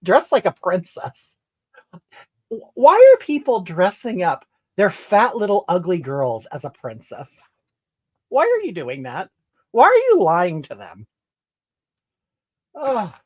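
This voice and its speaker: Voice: mid-range voice, a little mellow. A performer voicing a crude, entitled, brash woman, scolding and indignant, rambling at chat in an improvised comedy stream. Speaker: comedy livestreamer reading comments in character.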